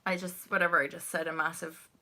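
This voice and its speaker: Woman tarot host, bright tone, gushing and chatty with live viewers, swears casually. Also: fairly low pitch, level tone, quick pace, a little hiss or hum. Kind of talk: live-stream tarot reading.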